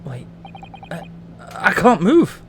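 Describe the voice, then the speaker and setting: A man streaming a game in casual commentary, excitable, swearing and stammering as he wanders off on tangents. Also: sits high, slow, slight background noise.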